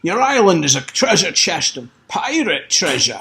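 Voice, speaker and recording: Man doing a haughty old scholar, condescending, theatrical, raised voice, higher than his own. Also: very animated, normal speed, pushed and bright, full character voice. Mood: aloof. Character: arrogant old male scholar-adventurer. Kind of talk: game master voicing a character.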